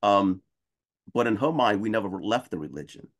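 A man on a video call panel telling a personal story in a conversational way, often checking in with "right?" and getting animated when he quotes other people. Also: on the low side, normal speed. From United States.

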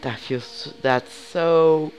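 A man's voice: fairly high pitch, extremely slow, soft background music. A young man giving casual, emotional commentary over a video game, rambling and exclaiming often. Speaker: let's play gamer.

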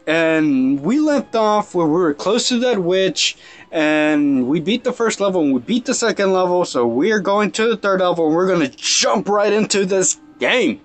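Excitable high-voiced young man gaming. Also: moderate pace, faint music behind. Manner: excitable, yelps and exclaims at the game, talks to viewers. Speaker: let's play host. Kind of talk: casual gameplay commentary. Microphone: phone.

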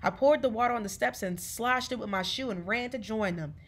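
A woman reading a novel aloud in a measured, expressive storytelling voice. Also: fairly high pitch. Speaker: reader. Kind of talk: audiobook read-along of a novel.

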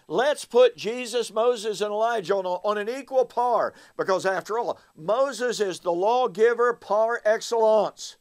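A man teaches scripture in a high, measured voice. He takes his time and presses each point with emphasis. He keeps checking in with rhetorical questions. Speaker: Bible teacher. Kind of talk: recorded Bible teaching.

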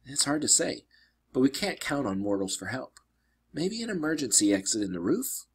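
A man reading a storybook aloud and voicing a clever, quick-thinking young girl, urgent and decisive, pitched well above his own voice. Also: big pitch swings, breathy edge. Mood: thinking hard.

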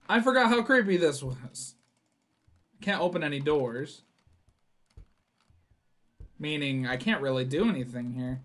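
Young man, gaming channel host, horror let's play, jumpy, curses, slightly high voice. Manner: jumpy, swears and yells when startled; reads in-game notes aloud. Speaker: gaming YouTuber.

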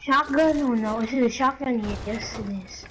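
A woman's voice: high voice, normal speed, crowd noise, poor audio. A woman gaming with a friend, boastful and goofy in casual chat. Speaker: gamer.

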